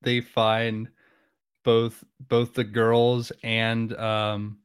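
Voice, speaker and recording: A man's voice: medium pitch, monotone, drawn-out words, clear, resonant tone, no room sound, studio quality. A man casually discussing a horror film, retelling scenes with lots of fillers.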